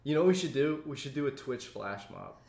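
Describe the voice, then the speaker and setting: A man co-hosting a comedy podcast, chatting casually, swearing freely and quick to laugh. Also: mid-range voice, big pitch swings, creaky, darkish tone, reverberant. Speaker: podcast co-host.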